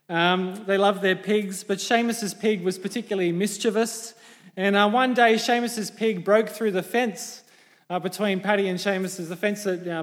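A man preaching a sermon in an easygoing manner, with frequent hesitations. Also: sits high. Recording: long hall reverb.

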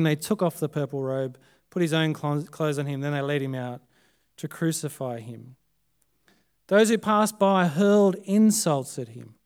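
Australian male preacher, higher register, clean resonant tone, dramatic swings from forceful to hushed. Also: clear, resonant tone. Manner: dramatic, swinging between loud emphasis and hushed, quiet phrases. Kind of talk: Good Friday sermon. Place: church service.

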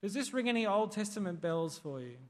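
A man's voice: high-pitched, sing-song, a little fast, in a large hall. A man preaching a sermon in a conversational way, putting questions to the congregation. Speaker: pastor. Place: church hall.

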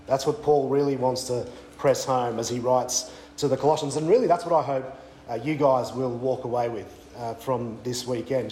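A man's voice: medium pitch, mellow, reverberant, a little hiss or hum, poor audio. An Australian man preaching a sermon at a weekend away, conversational, with frequent fillers and restarts. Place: church weekend away venue.

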